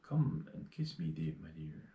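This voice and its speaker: A man with a Dutch accent voicing a crafty wolf who keeps his low voice soft and sweet-talking. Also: big pitch swings, measured pace, vocal fry, roomy sound, highs cut off, full character voice. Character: crafty male wolf faking politeness.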